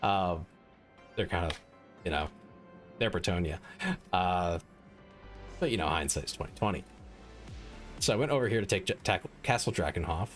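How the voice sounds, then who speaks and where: Deep-voiced man chatting through a game stream. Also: normal speed, pauses often, a bit bright, faint music behind. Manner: rambling and self-mocking, many "like" fillers. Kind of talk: casual gaming stream chat.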